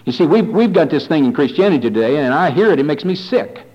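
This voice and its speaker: A man preaching a fiery sermon, swinging from quiet warnings to loud rising appeals, calling his listeners folks. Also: on the high side, expressive, quick pace, muffled recording. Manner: addresses listeners as "folks", repeats phrases.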